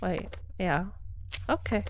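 A woman's voice: lowish voice, lively intonation, slow, muffled recording, slight background noise. A woman with a German accent, chatting casually while streaming a game, laughing and greeting followers. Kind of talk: casual live gameplay commentary.

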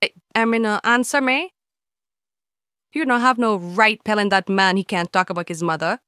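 A woman takes viewers to task one comment at a time, blunt and scolding. Her voice is smooth and clear. It sits close and dry in the recording. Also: medium pitch, brisk, pushed and bright, no room sound. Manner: blunt, scolding, talks straight to the listener. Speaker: channel host answering viewer comments.

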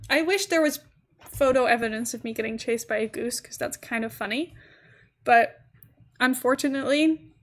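A woman streaming a game live, chatting casually and giggling as she talks to her chat. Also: sits high. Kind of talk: casual gaming livestream chat.

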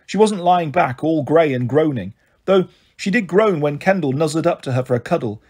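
A man reading a children's novel aloud with steady first-person narration. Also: on the high side, moderate pace, slightly rough. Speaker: storyteller.

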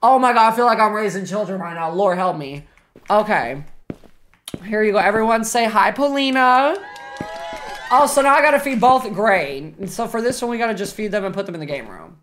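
A young woman streams a horror game and chats with her viewers. Her pitch is very animated and swings all over, jumping to loud shrieks at scares. Faint noise sits behind her desk mic. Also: normal speed. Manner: chatty, reacts loudly, shrieks when scared. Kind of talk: live game stream commentary.

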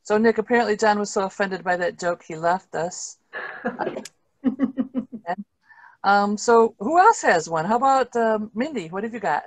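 A woman moderating a staff video meeting, relaxed and laughing easily as she calls on colleagues. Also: mid-range voice, moderate pace, pauses often. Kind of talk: casual chat.

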